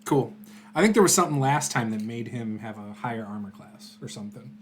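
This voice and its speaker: A man's voice: medium pitch, lively intonation, a little fast, crowd noise. A man acting as game master in a tabletop game, explaining rules in an easygoing, plain way. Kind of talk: running a tabletop game session.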